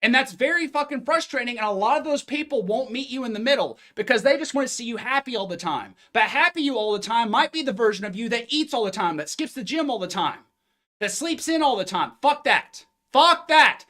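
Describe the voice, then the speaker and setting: A man's voice: extremely high pitch, animated, fairly quick, a bit bright. A man, a fitness coach, giving a blunt, intense live-stream pep talk full of cursing, speaking into a phone.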